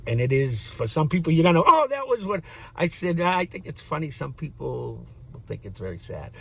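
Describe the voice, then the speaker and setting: A man's voice: on the high side, sing-song, moderate pace, creaky, breathy edge. A man in his fifties giving a rambling casual monologue to camera, swearing freely and chuckling between thoughts. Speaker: vlogger.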